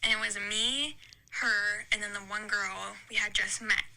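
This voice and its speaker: A woman's voice: mid-range voice, steady tone, unhurried, pushed and bright, rough recording. A young woman telling a long, rambling story in casual chat, with lots of "like" and restarts. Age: young adult. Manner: chatty, rambling story with many likes. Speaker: podcast guest.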